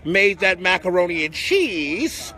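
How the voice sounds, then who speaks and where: A man's voice: high voice, big pitch swings, slow pace, pushed and bright. A man hosting a live stream outdoors on a city street, talking in a sassy, campy way and calling everyone honey. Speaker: livestream host. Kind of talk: casual livestream banter. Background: street traffic.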